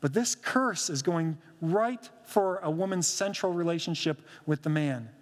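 A man's voice: a little high, a little slow, in a large hall. A man, a pastor, giving a conversational sermon with humorous asides, reading scripture aloud.

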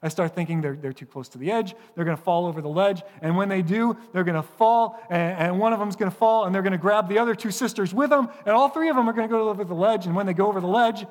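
A man's voice: high-pitched, quick pace, hardly any pauses. Pastor guy in his 30s preaching, joking sarcastic bits, big echoey church room. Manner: self-mocking, sarcastic, animated storytelling. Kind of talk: sermon. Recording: long hall reverb.

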